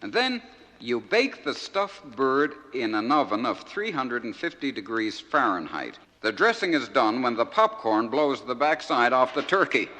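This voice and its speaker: A man, a radio host telling jokes in a folksy, animated way. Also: medium pitch, moderate pace. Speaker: radio host and comic storyteller. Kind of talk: stand-up joke telling. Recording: reverberant 1971 live LP.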